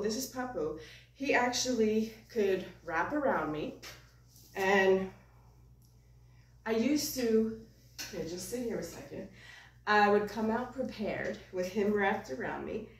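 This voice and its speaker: A woman puppeteer teaching puppetry in a chatty, hands-on way, often checking in with "right?". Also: medium pitch. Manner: chatty, keeps asking "right?". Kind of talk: hands-on demonstration. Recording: echoey room, far from the mic.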